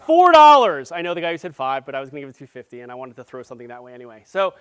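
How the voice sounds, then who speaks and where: A man giving a live conference presentation, playful and jokey, with quick asides to the audience. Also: medium pitch, clean tone. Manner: grows loud and excited as he goes. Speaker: conference speaker.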